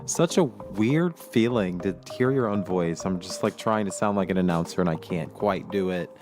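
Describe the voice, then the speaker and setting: A man's voice: sits low, darkish tone, soft background music. A man hosting his own podcast in a casual, reflective solo talk, with plenty of ums and uhs. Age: adult. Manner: slow, reflective, with many fillers. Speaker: podcast host.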